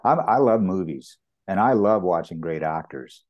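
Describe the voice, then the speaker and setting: A Canadian property master with a deep voice tells stories at normal speed on a lo-fi recording. He's a guest in an interview, spinning animated anecdotes and acting out the dialogue he quotes.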